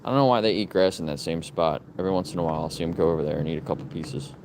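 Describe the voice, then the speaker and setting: Casting: low, easygoing man vlogging outside, lifts to a sing-song tone for dog commands, faint traffic behind. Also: very fast. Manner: relaxed, rambling, gives dogs commands in a raised sing-song voice. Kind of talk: casual chat to camera. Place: outdoors in a yard with his dogs.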